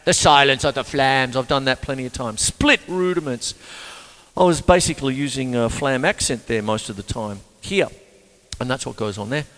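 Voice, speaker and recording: A man's voice: medium pitch, moderate pace, a bit bright. An older man teaching drums in a casual, rambling, jokey way, talking between demonstrations. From Australia. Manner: rambling, jokey, talks between drum demos. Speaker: drum teacher. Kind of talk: casual drum lesson. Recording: reverberant room with drum kit.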